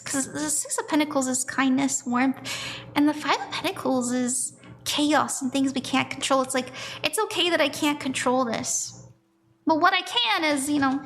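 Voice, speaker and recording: A woman's voice: high voice, fairly bright tone, slight background noise. A woman doing tarot readings on a live stream, chatty and giggly as she reads the chat aloud.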